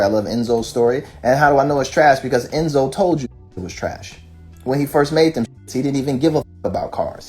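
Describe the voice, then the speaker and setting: Male rapper, mid-pitched voice, heated profane rant full of rhetorical questions, faint music underneath. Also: darkish tone. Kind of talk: casual rant.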